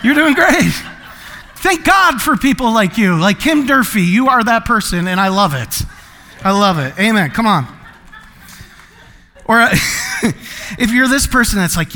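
A man preaching a sermon, his voice pitched high for a man. He keeps it light and playful, slipping into quick comic voices to make his points. His tone is bright and forward throughout. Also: sing-song, slight background noise. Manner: laughs often between points. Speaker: pastor.

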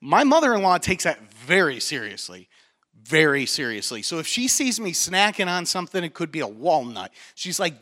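Male pastor, high voice, bright and forceful tone, animated sermon, jokey storytelling, church. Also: normal speed. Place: church sanctuary.

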